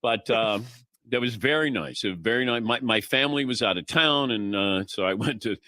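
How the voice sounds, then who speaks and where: A man's voice: mid-range voice, fairly quick, sharp tone, no echo. A middle-aged man hosting a sports talk radio show, chatting casually and telling anecdotes, acting out the voices of people he quotes. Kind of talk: casual on-air chat and storytelling.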